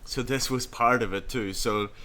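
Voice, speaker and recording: A man's voice: mid-range voice, steady tone, moderate pace, sharp tone. A man co-hosting a casual podcast chat, rambling and laughing as he tells stories and acts out quotes. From Ireland. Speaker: podcast co-host.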